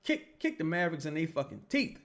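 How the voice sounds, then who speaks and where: Animated profane man calling a game. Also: on the high side, a little fast. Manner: profane, animated, heckling players; reads viewer comments aloud. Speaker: sports livestream host. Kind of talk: casual live game commentary.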